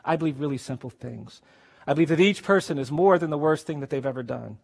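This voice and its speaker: Male lawyer-speaker, fairly high voice with gravel, earnest and grave storytelling. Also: quick pace. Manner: earnest, grave, builds to quiet intensity. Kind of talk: emotional storytelling speech.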